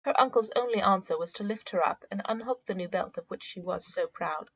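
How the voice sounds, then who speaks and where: Woman narrator, measured storybook reading, muffled recording. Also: mid-range voice, breathy edge. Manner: measured and expressive, voices the uncle in quotes. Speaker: audiobook narrator. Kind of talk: scripted narration. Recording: dull, muffled audio.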